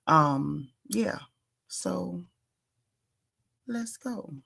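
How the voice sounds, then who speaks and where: A woman's voice: fairly low pitch, expressive, extremely slow, creaky, a bit bright, breathy edge. A middle-aged woman hosts a casual livestream, greeting her viewers one by one by name and chatting. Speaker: livestream host.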